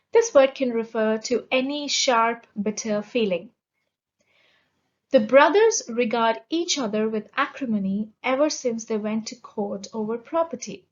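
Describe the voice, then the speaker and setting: A woman with a fairly high voice teaches exam vocabulary at a very slow, deliberate pace. She enunciates every word carefully. The audio is a little dull and lo-fi. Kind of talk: scripted vocabulary lesson.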